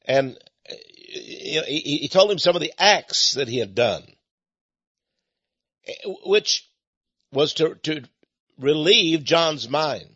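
An older man with an East Texas drawl, preaching in a folksy, rambling way. His voice is husky, and his pitch swings widely between phrases. The sound is dry and a bit dull, like a lo-fi recording. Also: expressive, takes it slowly, long pauses, fairly bright tone, no echo. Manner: folksy, repeats words, chuckles. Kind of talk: folksy sermon-style talk.

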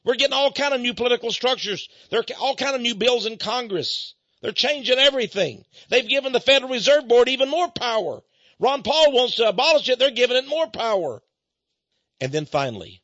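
A man's voice: very high-pitched, a little fast, sharp tone, no room sound, highs cut off. A man hosting a talk radio show, reading passages aloud in a dramatic way and commenting with mock alarm. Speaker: radio host. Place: studio office.

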